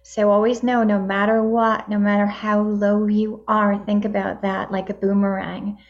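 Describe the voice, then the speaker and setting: This is a guest on the show, a woman around sixty who advocates for midlife empowerment, giving interview answers with an upbeat, motivational message. Her pitch is medium and her delivery flat, at a moderate pace. The sound quality is dull lo-fi.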